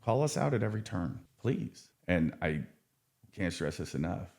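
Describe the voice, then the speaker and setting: Deep-voiced guy, counselor type, talks real frank and earnest, swears a bit, keeps restarting. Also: big pitch swings, normal speed, a little mellow. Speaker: addiction counselor. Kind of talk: casual podcast conversation.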